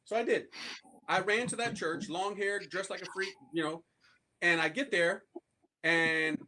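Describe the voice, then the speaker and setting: A man's voice: sits high, unhurried, bright, forceful tone. A man telling a personal story in slangy, street-style speech, acting out the voices of the people he quotes and laughing often. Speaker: priest telling his conversion story. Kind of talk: animated storytelling talk.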